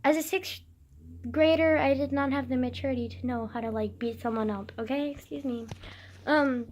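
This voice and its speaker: High-voiced young woman, rambling vlog. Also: a little mellow. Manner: rambling, self-mocking, swears often, fillers everywhere. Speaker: vlogger. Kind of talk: rambling casual monologue.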